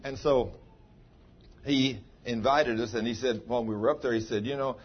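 A man's voice: medium pitch, fairly even intonation, moderate pace, husky. A man pastor telling stories in a folksy, homespun sermon, with plain country grammar. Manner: folksy, ungrammatical country speech. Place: church. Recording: dull lo-fi sound.

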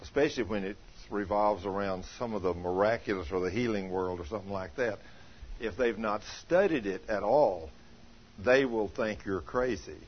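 Husky guy pastor preaching, folksy stories, acts out voices, dull lo-fi sound. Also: lowish voice, normal speed. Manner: animated, acts out quoted voices, breaks into shouts. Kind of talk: folksy sermon with storytelling. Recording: dull lo-fi recording.

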